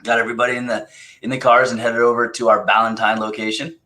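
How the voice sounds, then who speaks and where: A man co-hosting a casual chat, recapping an event in an animated storytelling way. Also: mid-range voice, quick pace. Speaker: co-host.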